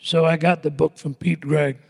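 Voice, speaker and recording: Older high-voiced preacher in a reverberant hall. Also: male voice, level tone, creaky, breathy edge. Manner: dramatic preaching, drawn-out words, swings from loud to hushed. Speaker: pastor. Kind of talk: sermon. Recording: long echoing hall reverb.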